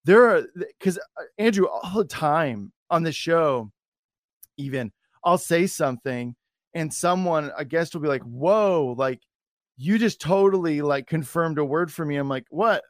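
A man's voice: on the high side, expressive, unhurried, no echo, clean studio sound. A man hosting a podcast, telling a personal story in a loose, rambling way with many restarts. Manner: rambling, full of restarts and fillers. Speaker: podcast host.

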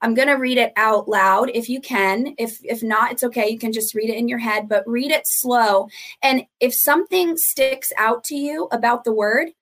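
A woman's voice: fairly high pitch, normal speed, hardly any pauses. Earnest woman teaching on a podcast. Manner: earnest, steady teaching with repeated emphasis. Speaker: ministry founder, guest.

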